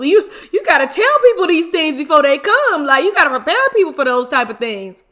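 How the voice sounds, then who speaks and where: A woman in her twenties telling a story casually while eating, animated and full of slang and exclamations. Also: high-pitched, normal speed, few pauses. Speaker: mukbang vlogger.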